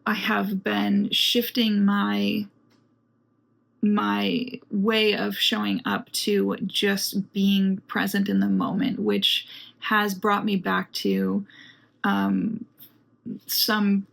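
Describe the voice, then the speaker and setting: Very gravelly, earnest woman vlogging. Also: mid-range voice, a bit bright. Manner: earnest, searching, unhurried. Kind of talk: casual reflective vlog. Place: home apartment.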